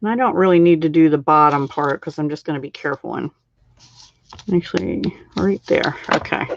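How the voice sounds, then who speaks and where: In a casual card-making demo streamed live, a middle-aged woman chats away, laughing a lot and joking about her own mistakes. She talks low and brisk with a gravelly edge. Slight background noise sits under a dull, lo-fi recording.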